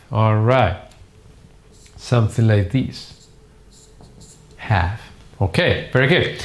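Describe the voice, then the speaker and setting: A man running a live online English class, his pitch leaping up and down as he drills words and adds chatty asides. He sounds a little tired but keeps going. The room around him rings with echo. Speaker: English teacher. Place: language academy in Madrid.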